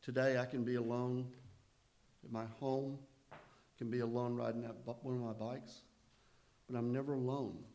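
A man of middle pitch speaks to a recovery meeting and tells his story in a loose, conversational way. He often turns to self-deprecating jokes. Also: level tone, moderate pace, pauses often, warm tone.

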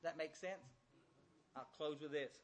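A man's voice: a little high, unhurried. An older man giving a folksy, blunt recovery talk to a large audience, often repeating himself and asking the room direct questions. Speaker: recovery speaker. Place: large room with a few hundred listeners.

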